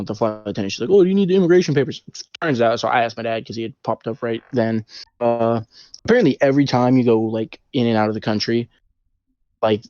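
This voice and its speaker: A man with a lowish voice walks through a film's plot on a casual podcast, padding it with fillers and quick acted-out lines. The sound is dry and a bit dull, like a lo-fi recording. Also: darkish tone, no echo. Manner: rambling recap with many fillers and acted-out quotes. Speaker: podcast co-host leading the movie breakdown.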